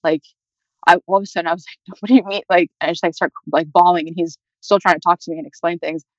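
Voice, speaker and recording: Fast-talking young woman telling her story. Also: fairly low pitch, fairly even intonation, dry recording. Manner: chatty, many fillers like "like" and "you know". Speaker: interview guest. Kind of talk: personal storytelling. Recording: dull, dry lo-fi audio.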